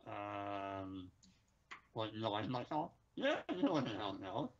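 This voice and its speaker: A man co-hosting a casual live stream, talking in halting bursts and repeating his words. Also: fairly low pitch, very animated. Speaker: co-host. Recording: dull lo-fi sound.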